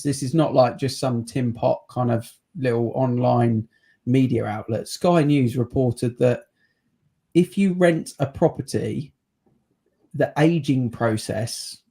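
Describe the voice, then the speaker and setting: A man's voice: mid-range voice, creaky, mellow. A man hosting a casual property chat on a video call, chatty and teasing. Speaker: podcast host, estate agent.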